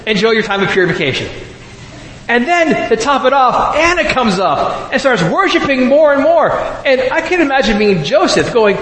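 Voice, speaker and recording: A man's voice: sits high, expressive, normal speed, a bit bright, slight background noise. A man preaching a conversational, humorous sermon to a live audience, telling stories and speaking directly to the listeners. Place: large hall with a live audience. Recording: echoey hall, faint ambience.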